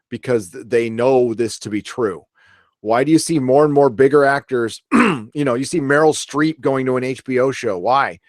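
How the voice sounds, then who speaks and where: A middle-aged man hosts a casual live stream, thinking aloud and correcting himself as he goes. His voice sits at an ordinary pitch. The sound is dry and close, with no room around it. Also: no echo. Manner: rambling, self-correcting, opinionated. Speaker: live stream host reading chat questions.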